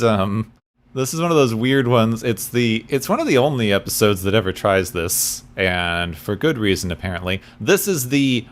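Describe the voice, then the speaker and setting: A man co-hosting a podcast in casual chat, with wry, dry humor. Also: medium pitch. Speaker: podcast co-host.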